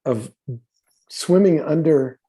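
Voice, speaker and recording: This podcast guest is a man in his fifties whose slow, warm voice sits fairly high. His storytelling is casual and conversational, meandering and profane, with plenty of fillers and false starts.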